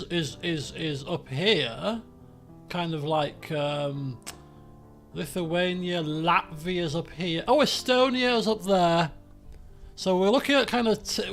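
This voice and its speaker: A man streaming a geography guessing game, chatty and excitable, swearing and breaking into shouts when frustrated. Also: high-pitched, vocal fry. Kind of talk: casual live-stream commentary while playing a geography guessing game.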